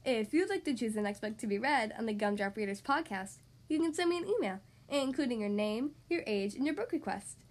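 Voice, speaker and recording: A woman hosting a podcast, reading a children's story aloud in a cheerful, expressive way. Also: fairly high pitch, fairly quick, hardly any pauses.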